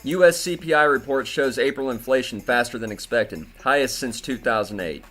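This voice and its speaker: A man's voice: medium pitch, moderate pace, bright, forceful tone, soft background music. A man hosting a crypto commentary video, talking in an indignant, profane way and often repeating himself. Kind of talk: angry commentary rant.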